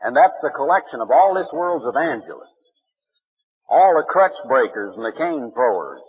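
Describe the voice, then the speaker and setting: A man's voice: mid-range voice, sing-song, normal speed, husky. A man preaching an impassioned radio sermon, his voice swinging widely and rising in emphasis. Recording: muffled old radio broadcast.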